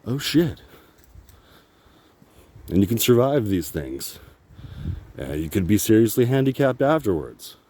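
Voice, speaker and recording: Deep-voiced man rambling into his phone. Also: sing-song, measured pace, pauses often, darkish tone. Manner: meandering, candid, laughs often, swears casually. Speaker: vlogger. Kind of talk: rambling walk-and-talk vlog. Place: outdoors, walking around. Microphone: phone held while walking.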